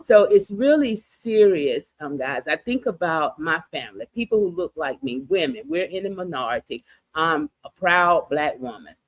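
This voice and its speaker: A woman's voice: lowish voice, very animated, gravelly, no echo. A woman guest explaining a research study in an earnest, explanatory way. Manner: earnest, explanatory, slows down for numbers.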